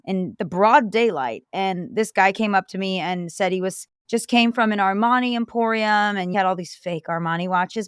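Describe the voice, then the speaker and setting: A woman's voice: mid-range voice, a bit bright, clean tone, no room sound, clean studio sound. A woman giving travel safety advice in a conversational, earnest way, telling stories with animation. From Florida-based.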